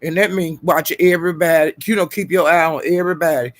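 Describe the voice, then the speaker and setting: A man's voice: on the high side, steady tone, fast, a bit bright. A man hosting a livestream in casual commentary, giving blunt, profane advice. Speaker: livestream host.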